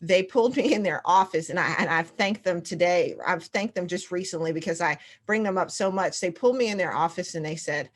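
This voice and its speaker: Reflective woman host, lower voice. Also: brisk, hardly any pauses. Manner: reflective, personal, open. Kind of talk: conversational interview.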